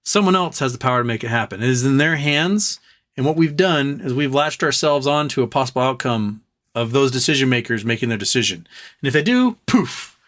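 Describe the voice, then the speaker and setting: A man hosting a live stream, rambling in a relaxed way and reading out viewer comments. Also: medium pitch, brisk. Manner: rambling, laid-back, reads chat comments aloud. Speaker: livestream host. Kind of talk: casual livestream chat.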